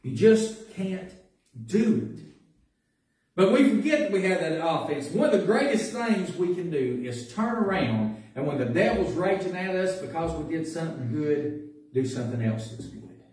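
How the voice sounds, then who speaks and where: A pastor preaches in folksy, storytelling fashion, building up to loud, raised passages. His voice sits a little high and is picked up from far back in the church. The room's heavy echo rings around every word. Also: sing-song, moderate pace. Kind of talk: sermon. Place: church sanctuary. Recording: echoey church recording from a distance.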